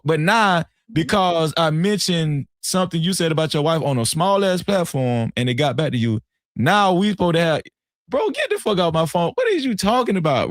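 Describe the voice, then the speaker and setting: A man telling a story casually on a live stream, animated and profane, often repeating himself. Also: sits high, no room sound, studio quality.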